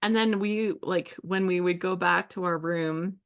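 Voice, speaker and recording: A woman's voice: on the low side, steady tone, measured pace, smooth. A woman hosting a scrapbooking livestream, telling stories in a casual, chatty way with frequent laughs and fillers. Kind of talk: casual storytelling chat while crafting.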